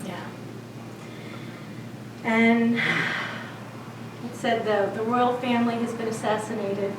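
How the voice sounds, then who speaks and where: A woman's voice: fairly high pitch, slow, noisy background. Woman telling a story in an echoey room. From South Side of Chicago. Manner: lively, conversational, laughing at her own story. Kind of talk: personal storytelling performance. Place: storytelling event. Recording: roomy live venue, mic at a distance.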